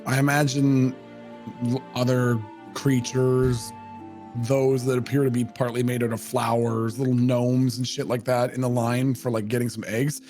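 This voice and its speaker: A man's voice: mid-range voice, flat delivery, moderate pace, dark tone, soft background music. A man playing a tabletop game, describing his character's actions in a rambling, filler-heavy way and laughing often. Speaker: player. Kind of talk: casual tabletop game chat.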